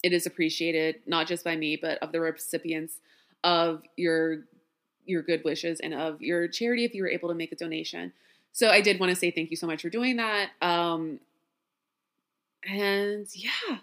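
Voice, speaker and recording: A woman with a slightly low voice and a Southern lilt chats casually through her podcast sign-off. She sounds tired, talks loosely, and laughs at herself as she goes. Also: moderate pace. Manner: chatty, warm sign-off with laughs, self-deprecating. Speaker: podcast host. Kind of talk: casual chat.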